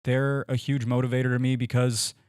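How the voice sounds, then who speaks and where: A man's voice: mid-range voice, level tone, brisk, a little mellow, clean tone, dry recording, studio quality. A young man, a sports commentator, talking earnestly in a casual podcast interview, thinking aloud with frequent restarts.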